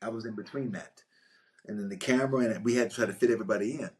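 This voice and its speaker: A man, an actor, telling stories from a film shoot in a casual, animated way, often restarting his sentences. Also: fairly low pitch, rapid-fire. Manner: animated, rambling, frequent restarts. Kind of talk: casual anecdotal storytelling.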